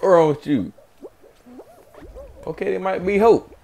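A man's voice: sits high, a little slow, gravelly, warm tone, a little hiss or hum. A young man hosting a gaming channel, giving hyped let's-play commentary, trash-talking and chanting catchphrases while he plays.

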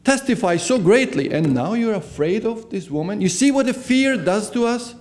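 A man's voice: high-pitched, lively intonation, moderate pace, darkish tone. A man preaching a sermon as pastor in a church. He asks the congregation questions and then answers them himself. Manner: answers his own questions.

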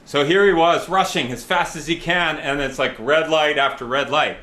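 A man's voice: fairly high pitch, moderate pace, bright, forceful tone. Upbeat man leading laughter yoga. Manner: upbeat, playful instructions punctuated by hearty laughing. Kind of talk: guided group laughter exercise.

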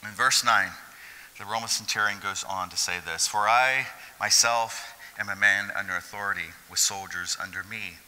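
A man preaching a sermon as pastor, swinging from hushed asides to loud, excited preaching. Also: on the low side, moderate pace. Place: church hall. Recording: long hall reverb.

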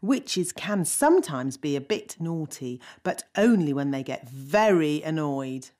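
A woman's voice: sits low, expressive, unhurried, a little mellow. A woman voicing a bossy, fussy fairy nanny in a cartoon, with a matter-of-fact, sing-song way of talking. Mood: knowing. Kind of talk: cartoon voice acting.

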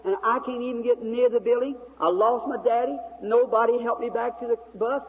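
A man voicing a lost young blind girl from the South, pleading in a high, plaintive voice. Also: steady tone, brisk. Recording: tinny old recording in a reverberant hall, faint hiss.

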